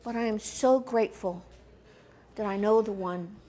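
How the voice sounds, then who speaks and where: A woman from the United States telling a personal story on stage, animated and acting out the voices of others, often laughing. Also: mid-range voice, moderate pace. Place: stage before a live audience.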